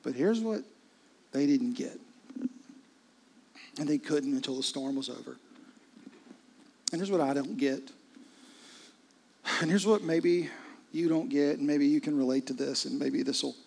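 Husky preacher, hushed to loud. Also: male voice, on the high side, a little slow, pauses often. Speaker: pastor. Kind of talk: sermon.

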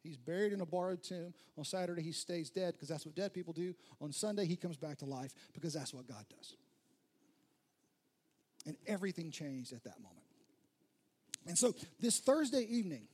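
Male preacher, sermon delivery, slightly raspy and higher pitched, builds on repeated phrases. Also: a little mellow. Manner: conversational storytelling, emphatic repeated phrases. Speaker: pastor.

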